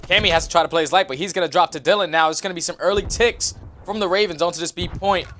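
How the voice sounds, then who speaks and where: A man calling live esports action in rapid, energetic play-by-play. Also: high-pitched, a little hiss or hum. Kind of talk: fast live play-by-play commentary.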